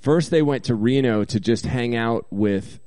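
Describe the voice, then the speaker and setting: A man co-hosting a casual chat show, reading out listener texts and telling a story in a rambling, halting way with lots of fillers. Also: mid-range voice, warm tone, dry recording.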